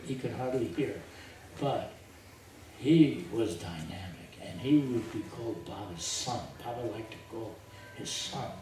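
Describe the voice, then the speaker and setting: Speaking in a lowish voice, an older man slowly tells his life story to a group, animating it with voiced quotes and laughter. This storytelling was captured from a distance in an echoey hall, with audible noise.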